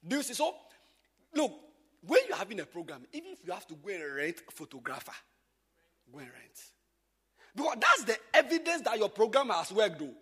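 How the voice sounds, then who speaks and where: A pastor with a high, husky voice that leaps up and down as he teaches. He jumps from loud exclamations to quiet asides. The sound rings with a long echo, as if in a large hall. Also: huge pitch swings, brisk, long pauses. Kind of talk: informal church teaching.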